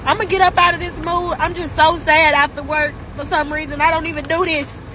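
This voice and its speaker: A single mother talks in a high voice, opening up in a tired, rambling vent to the camera. Loud traffic and street noise sit clearly behind her. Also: flat delivery, brisk, low-quality recording. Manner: candid, weary, rambling.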